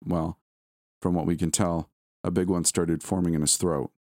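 A somber hospital doctor, measured and grave, as a man reads him. The voice sits very deep, dry and close to the mic. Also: flat delivery, darkish tone, no room sound, natural voice.

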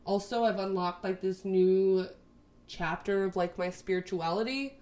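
A woman's voice: mid-range voice, measured pace, darkish tone. Rambling young woman chatting to camera. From Texas. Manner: rambling, lots of swearing and "like". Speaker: vlogger. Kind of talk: casual chat to camera.

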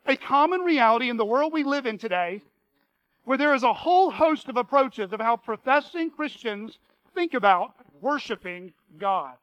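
A man's voice: very high-pitched, animated, normal speed, fairly bright tone, no echo, muffled recording. A man preaching a sermon as pastor, earnest and reading quotations aloud with emphasis.

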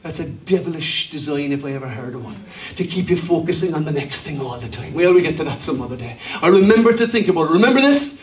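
A man's voice: fairly high pitch, lively intonation, quick pace. A male pastor preaching a sermon emphatically, with rhetorical questions and humor, in a church hall. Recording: echoey hall, voice from a distance.

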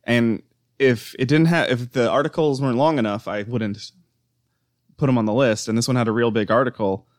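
A man co-hosts a casual chat and walks through his notes in a flat, deadpan way, stumbling over restarts as he reads. His voice sits at an ordinary middle pitch. The recording is close and dry, with no room sound. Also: brisk, no echo. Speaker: podcast co-host presenting research.

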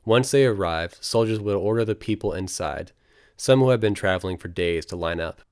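A man reading his travel memoir aloud as scripted narration, in a quiet, somber storytelling manner. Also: sits low, moderate pace, smooth, no echo, clean studio sound.

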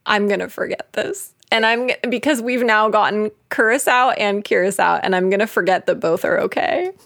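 A woman's voice: medium pitch, normal speed, vocal fry, a bit bright. A woman co-hosting a podcast in casual chat, rambling and chatty with lots of fillers. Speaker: podcast co-host.

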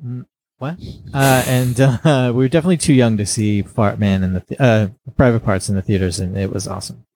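A man's voice: on the low side, brisk, mellow, no room sound. A man co-hosting a podcast, making wry remarks and laughing asides. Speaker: podcast co-host. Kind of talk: casual chat.

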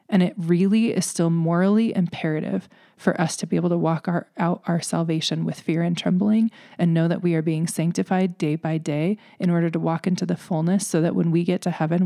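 A woman's voice: fairly low pitch, dark tone, dry recording, studio quality. A woman hosting a faith podcast, speaking earnestly and emotionally in a heartfelt, preaching monologue. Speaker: podcast host.

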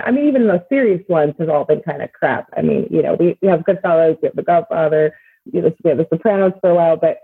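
Woman host, raspy voice, laughs easy, sounds like a phone line. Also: lowish voice. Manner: laughs easily, quick encouraging responses. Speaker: interview host. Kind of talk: casual interview chat.

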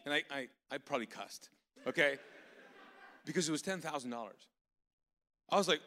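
A man preaching a live sermon as pastor, telling stories in an animated way with sudden loud outbursts of excitement. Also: mid-range voice, quick pace. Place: large church auditorium. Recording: long hall reverb from live church service.

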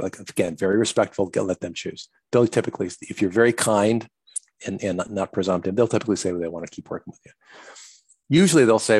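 A man's voice: quick pace, darkish tone, no echo. A man coaching listeners on client communication, earnestly acting out sample conversations with customers. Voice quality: low gravelly husky voice. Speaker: business coach. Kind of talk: instructional talk on client communication.

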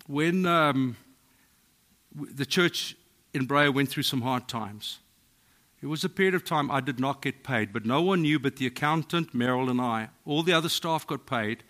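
A middle-aged South African man, a pastor preaching a sermon, telling stories in a voice that drops to a hush and then rises to loud exclaiming. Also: mid-range voice, moderate pace. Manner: storytelling, swings from hushed to exclaiming.

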